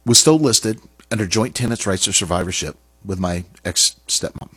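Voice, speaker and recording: A middle-aged man telling a personal story in an earnest, halting way, with restarts and pauses. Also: fairly low pitch, fairly bright tone, breathy edge, dry recording. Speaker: speaker sharing a personal story.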